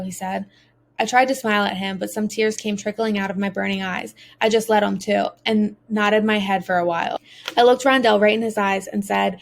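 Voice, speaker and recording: A woman's voice: medium pitch, fairly even intonation, brisk, gravelly. A woman narrating a first-person audiobook as a teenage boy, earnest and emotional.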